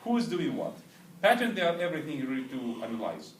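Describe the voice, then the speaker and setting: A man's voice: on the high side, very animated, fast talker, slight background noise. A man teaching a language class, drilling students to repeat after him and checking with "right?" and "understood?". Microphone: far camera. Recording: roomy, distant classroom recording.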